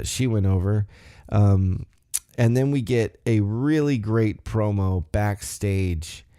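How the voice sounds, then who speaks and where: Podcast guy rambling thru a recap, warm lowish voice, dry sound. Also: dry recording. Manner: rambling, conversational, loose storytelling. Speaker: podcast host. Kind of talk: casual wrestling recap.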